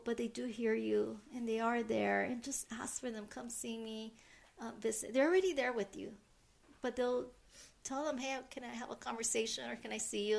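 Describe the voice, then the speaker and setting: Middle-aged woman, podcast co-host, gravelly, soft and halting. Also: fairly high pitch. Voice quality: soft, halting, many restarts. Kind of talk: casual chat.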